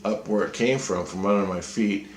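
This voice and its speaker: A man's voice: lowish voice, moderate pace. A man casually retelling a dream, rambling and cursing, with frequent restarts. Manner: rambling, profane, restarts often. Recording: echoey room, faint noise.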